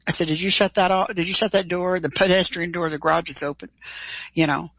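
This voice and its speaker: A woman's voice: lowish voice, a little fast, dry recording, poor audio. Middle-aged woman retelling a story, dry sound. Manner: lively, animated retelling with quoted dialogue and casual cursing. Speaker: guest. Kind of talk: personal storytelling in an interview.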